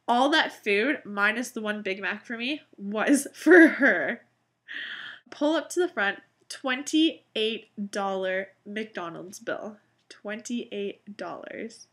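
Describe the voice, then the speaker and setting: Young adult woman, casual vlog storyteller, chatty, animated delivery. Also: fairly high pitch, slow pace. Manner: chatty, animated, frequent "like" fillers and laughs. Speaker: vlogger.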